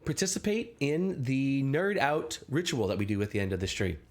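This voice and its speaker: A man running a tabletop game on a live stream, narrating scenes in a halting, scattered way and saying he is sick. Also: medium pitch, big pitch swings. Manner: scattered, halting, lots of restarts. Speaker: game master.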